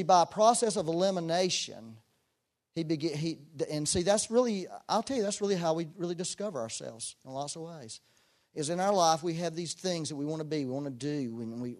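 A man's voice: a little high, animated, brisk. Emphatic man preaching. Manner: emphatic, rising to loud bursts; folksy, self-deprecating asides. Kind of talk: sermon.

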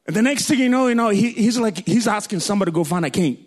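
A man from Kenya, preaching a sermon through animated, jokey personal stories. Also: sits high, fast talker, few pauses. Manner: animated, jokey storytelling, laughs often.

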